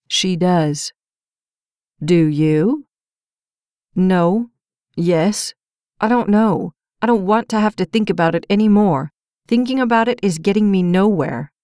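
A woman's voice: lowish voice, darkish tone, dry recording, studio quality. A woman narrating a romance novel audiobook, reading all the characters' dialogue in her own voice. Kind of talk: scripted narration.

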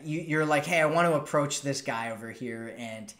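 A man giving casual dating advice on a live stream and acting out example lines in a relaxed, conversational way. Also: mid-range voice, normal speed, reverberant. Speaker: dating coach. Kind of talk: live-stream coaching talk.

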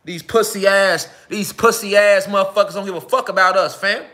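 A man's voice: sits high, brisk, pushed and bright. A man giving an unscripted live speech to his followers, heated and profane, with lots of repetition and street slang. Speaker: self-styled spiritual speaker.

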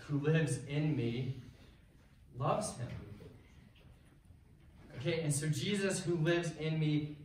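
A man's voice: fairly high pitch, darkish tone. A young man preaching to a youth group in a casual, chatty way, full of fillers and frequent "right?" and "okay?" check-ins. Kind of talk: sermon. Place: church hall. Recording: very echoey hall, mic far off, faint noise.

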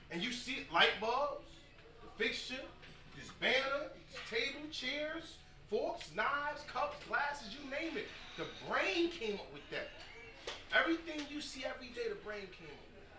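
A man tells stories to a crowd in an emphatic, repetitive style. His voice sits high for a man. He is recorded from across an echoing hall with a lot of background noise. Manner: emphatic, storytelling, repeats phrases, builds to shouting. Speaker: speaker at a youth football ceremony. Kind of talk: impassioned speech to an audience. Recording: echoey room, speaker far from mic, noisy.

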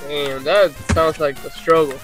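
A man's voice: on the high side, steady tone, measured pace, faint music behind. A man teasing his friends while they chat about a game over voice chat. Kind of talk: casual gaming chat. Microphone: home computer mic, online voice chat.

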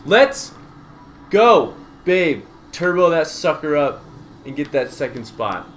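A man's voice: on the high side, expressive, measured pace, fairly bright tone, slight background noise. A young man hosting a casual, joking chat while playing a video game. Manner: goofy, joking. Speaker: show host. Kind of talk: casual chat over gameplay.

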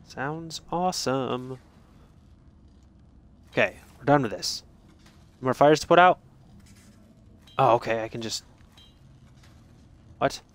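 A man's voice: medium pitch, lively intonation, slow, long pauses. A man giving jokey let's play commentary, reading game text aloud and swinging from mutters to sudden yelps. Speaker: gaming streamer.

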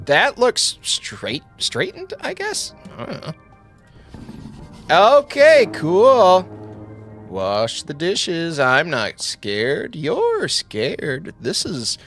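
A man's voice: mid-range voice, fairly bright tone. A man hosting a let's play, commenting on a horror game from home, joking and jumpy, yelping and laughing at the scares.

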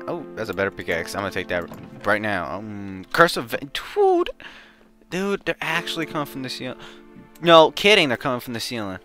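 Excitable young gamer man, lively pitch. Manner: excitable, swings from mumbling to yelling, slangy. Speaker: gaming channel host. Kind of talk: casual gameplay commentary.

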